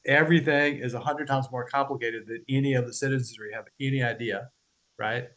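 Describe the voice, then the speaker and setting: Fairly quick and fairly bright, this mid-range male voice with fairly even intonation belongs to a podcast host giving casual explanations, full of swearing, laughter and frequent "right?" check-ins. The recording quality is low.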